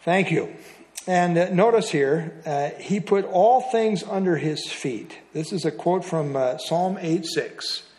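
A man's voice: a little high, slow pace, darkish tone. A man leading a Bible study, explaining a passage earnestly and repeating key phrases for emphasis.

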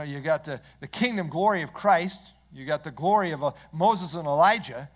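A man preaching an expository sermon, measured and earnest, leaning on key phrases for emphasis. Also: sits high, fairly bright tone. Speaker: pastor.

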